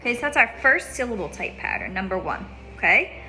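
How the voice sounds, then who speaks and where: A woman's voice: medium pitch, huge pitch swings, brisk, bright, forceful tone, faint music behind. A woman teaching a child reading in a one-on-one lesson, patient, repeating her questions and checking in with "okay?".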